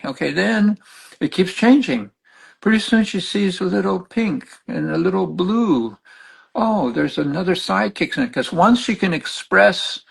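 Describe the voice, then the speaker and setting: An older man speaks as a spiritual counselor, his voice gravelly and husky and a touch higher than most men's. He teaches in a loose, animated way, acting out what his clients said as he tells their stories. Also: poor audio. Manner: animated storytelling, acts out clients' words. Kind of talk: conversational teaching.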